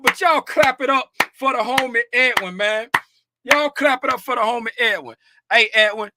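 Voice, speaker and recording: A man from Florida hosting a trading livestream, greeting his chat by name in an animated, casual way with bursts of laughter. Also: very high-pitched, normal speed, very noisy. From Fort Lauderdale, Florida.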